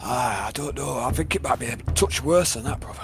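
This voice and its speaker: A man's voice: medium pitch, fairly quick. A man playing a tabletop game, stammering and playful as he role-plays. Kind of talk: in-character role-play chat.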